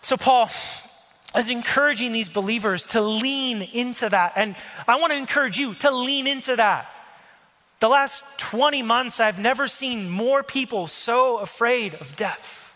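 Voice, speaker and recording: A man's voice: very high-pitched, a little slow, bright, forceful tone. A male pastor preaching a sermon in a conversational way, with asides and jokes to the congregation, recorded in a church hall. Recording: long hall reverb.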